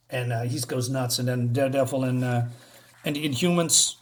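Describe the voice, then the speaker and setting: A man's voice: medium pitch, fairly even intonation, measured pace. Rambling man reviewing comics. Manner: rambling, many fillers and restarts. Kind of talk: casual video review.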